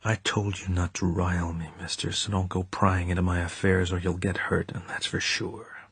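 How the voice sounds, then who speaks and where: A man's voice: low voice, level tone, moderate pace, fairly bright tone, breathy edge, no echo, full character voice. A man voicing a touchy, menacing male hitman with a curt, threatening manner.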